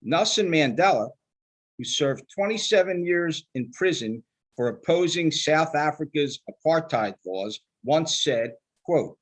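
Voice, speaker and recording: An older man giving a sermon in a measured, emphatic manner, slowing down to stress quoted scripture. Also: fairly high pitch. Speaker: rabbinical student giving a sermon.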